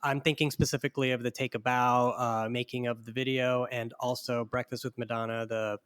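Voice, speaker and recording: A man's voice: mid-range voice, little pitch movement, a little fast, a bit bright, smooth. A man co-hosting a podcast in casual chat, easygoing and conversational. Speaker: podcast co-host.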